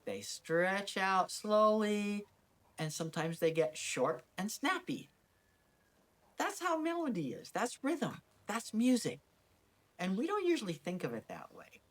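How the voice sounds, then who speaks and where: Slow, melodic woman voice teacher. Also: mid-range voice, sing-song. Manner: soft, encouraging, melodic. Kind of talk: gentle guided lesson.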